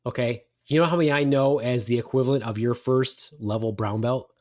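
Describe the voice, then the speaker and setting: A man's voice: mid-range voice, steady tone, fairly quick, darkish tone. A middle-aged man hosting a podcast, teasing and rambling in casual banter. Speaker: podcast host.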